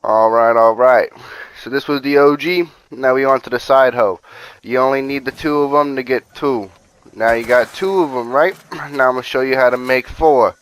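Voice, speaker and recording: Male gaming host, casual profane tutorial voice-over, street-slang step-by-step coaching, mid-pitched voice. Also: normal speed, smooth, no echo, low-quality recording. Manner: laid-back, profane, repeats "bada bing, bada boom".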